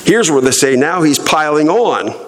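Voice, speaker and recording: A middle-aged man preaching a sermon as pastor, slow and emphatic, leaning hard on stressed words. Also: a little high, very animated, long reverb tail, rough recording.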